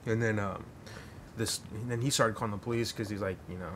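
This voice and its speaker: A man's voice: lowish voice, steady tone, brisk, slight background noise. Rambling, profane male podcast host. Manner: rambling and profane, heavy with fillers. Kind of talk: casual storytelling.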